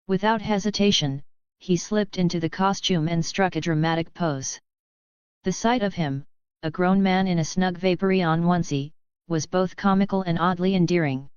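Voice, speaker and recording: A woman narrating a web novel audiobook in a steady storytelling voice. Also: on the low side, normal speed, smooth, dry recording, highs cut off. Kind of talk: scripted narration.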